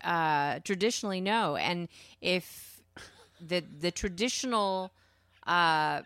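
Bantering female co-host, lower voice, quick to disagree. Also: lively intonation, a bit bright. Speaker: podcast co-host. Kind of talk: casual chat.

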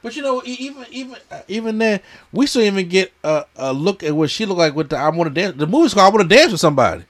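A man's voice: sits high, very animated, fast, hardly any pauses, fairly bright tone. Man, podcast co-host, casual chat, stammering, repeats words.

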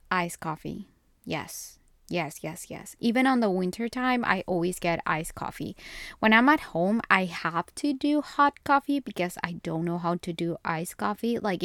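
A woman's voice: fairly low pitch, smooth, dry recording, clean studio sound. A young woman hosting a casual solo podcast, chatty and gushing, often correcting herself mid-sentence. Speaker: podcast host.

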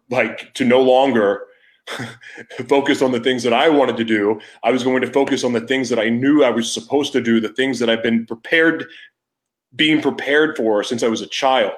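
A man's voice: mid-range voice, a bit bright. A man hosting his own podcast, telling a raw personal story in a candid, emotional way, with frequent restarts and trailing thoughts. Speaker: podcast host.

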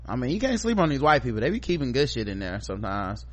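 A middle-aged man co-hosting a podcast, chatting casually and reading listener feedback, acting out stories with loud profane quotes. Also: mid-range voice, fast talker. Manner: animated storyteller, profane, acts out quotes loudly. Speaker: podcast co-host.

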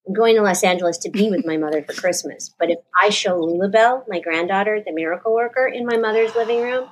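A woman's voice: mid-range voice, fast, a little hiss or hum. A woman in her fifties, a guest, telling an emotional story in a rambling way and correcting herself as she goes. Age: 50s. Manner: rambling, self-correcting recollection. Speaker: actress guest.

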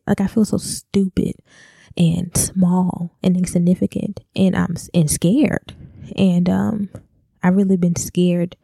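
A young adult woman, a podcast co-host, giving a raw, halting confessional monologue and swearing freely. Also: lowish voice, gravelly, warm tone, no echo, studio quality.

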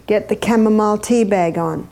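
Lively woman, warm and mellow. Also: mid-range voice, normal speed, gravelly. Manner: lively, imitates bird laughs, asks the audience questions. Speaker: health educator. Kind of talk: animated teaching talk.

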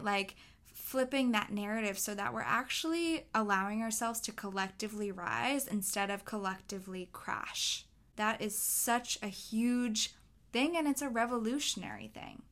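Woman, podcast host, earnest solo monologue, encouraging, mid-range pitch. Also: a bit bright. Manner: earnest, encouraging, acts out quotes.

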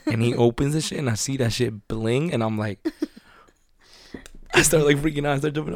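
A man's voice: medium pitch, brisk, long pauses, a little mellow, no room sound. A man animatedly telling a story in casual chat, acting out quotes, laughing and swearing often.

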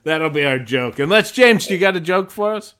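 A man's voice: on the high side, fairly quick. A man hosting a casual comedy chat, telling stories and jokes and acting out the voices in them. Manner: storytelling, jokey, animated voices in quotes.

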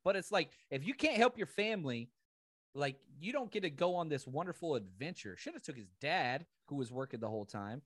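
A man from the Southern United States co-hosting a podcast in casual chat, ranting with animated laughs. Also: fairly high pitch, fairly quick, no room sound, studio quality. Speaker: podcast co-host.

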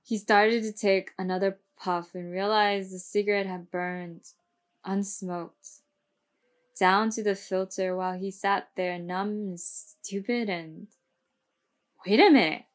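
Slow wry woman reading aloud. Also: mid-range voice, flat delivery. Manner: slow, wry, stumbling over words, comments mid-reading. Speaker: book reader. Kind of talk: casual read-aloud with asides.

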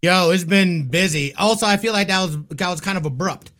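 A man's voice: high-pitched, fairly quick, fairly bright tone. A man co-hosting a podcast, teasing the others and laughing often in casual chat. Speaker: podcast co-host.

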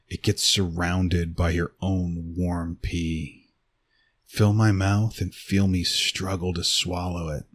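A man telling an intimate second-person erotic story, with a slow, teasing delivery into a close mic. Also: low voice, husky.

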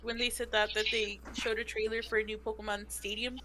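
A woman's voice: a little high, little pitch movement, brisk, pushed and bright. A woman on a gaming podcast, chatting eagerly and casually, swearing now and then. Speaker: podcast co-host. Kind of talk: casual chat. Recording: noisy podcast recording.

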